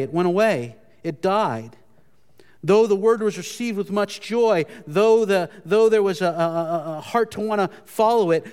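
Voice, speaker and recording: A pastor with a high, clear, resonant voice preaches a sermon earnestly and emphatically, often restarting his phrases. A long hall reverb surrounds the recording.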